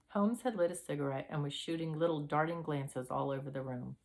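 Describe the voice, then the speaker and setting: A woman's voice: low-pitched, brisk, hardly any pauses, a little mellow. A woman reading a classic detective story aloud as narrator. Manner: reads aloud with occasional throat-clearing. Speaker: audiobook reader.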